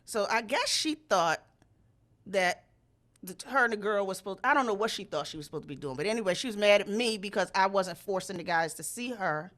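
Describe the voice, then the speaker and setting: A woman with a bright, forceful voice tells a story in loose, casual chat. She is animated and profane. When she quotes people she jumps into loud, high voices. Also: brisk. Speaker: storyteller host.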